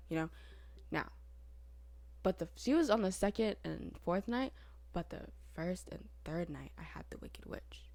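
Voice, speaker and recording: Chatty young woman, animated storyteller. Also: fairly low pitch, measured pace, vocal fry, no room sound. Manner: chatty, animated, filler-heavy with frequent laughs. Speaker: podcast co-host. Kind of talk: casual chat, storytelling.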